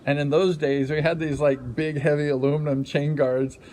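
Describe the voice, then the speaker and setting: Animated man telling racing stories. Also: fairly high pitch, normal speed, a little hiss or hum. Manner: animated, acts out quotes, many fillers. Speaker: former speedway rider. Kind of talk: casual personal storytelling. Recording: music under the voice. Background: background music.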